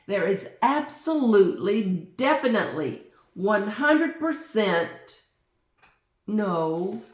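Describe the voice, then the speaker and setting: A woman's voice: medium pitch, far from the mic. A woman voicing a stubborn, skeptical little girl who talks in an insistent, exasperated way. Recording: roomy echo.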